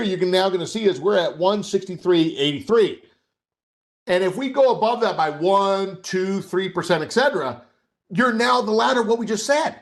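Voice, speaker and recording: Conversational male trading coach. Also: high voice. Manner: conversational, asks the audience questions and checks in with "okay?". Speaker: trading coach hosting a webcast. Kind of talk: live teaching webcast.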